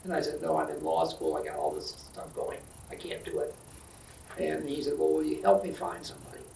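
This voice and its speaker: An older man and retiring county supervisor giving rambling, halting farewell remarks with many fillers at a board meeting. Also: medium pitch, big pitch swings, mellow, a little hiss or hum. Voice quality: gravelly. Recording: roomy, distant meeting-hall mic.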